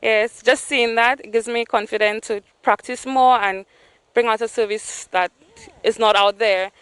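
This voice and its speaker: A woman's voice: fairly high pitch, steady tone, moderate pace, a bit bright, clear, resonant tone, no room sound, poor audio. A woman from Saint Lucia, a guest on a morning TV show, explaining her small business in an earnest, plain-spoken way. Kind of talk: TV interview.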